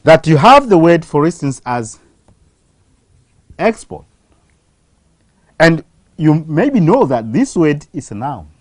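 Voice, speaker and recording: A teacher giving a slow, deliberate televised English grammar lesson, posing questions to the class and answering them. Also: medium pitch, big pitch swings, dry recording.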